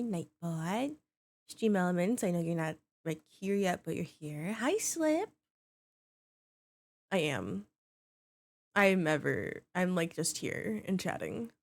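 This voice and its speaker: A woman's voice: fairly low pitch, darkish tone. A woman game streamer chatting casually with her viewers, bubbly, greeting them by name and swearing offhandedly.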